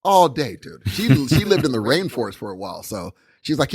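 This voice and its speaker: Over crowd noise, a man co-hosting a podcast talks a little fast in a mid-range voice, telling stories in casual chat and animatedly acting out his thoughts as quotes. It was captured as a remote call recording.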